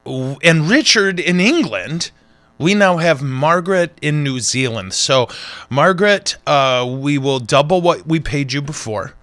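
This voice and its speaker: A man, a priest hosting a casual show, who jokes and rambles in an animated way. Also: fairly high pitch, a little slow, dry recording. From United States. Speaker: priest and podcast host. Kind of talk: casual chat.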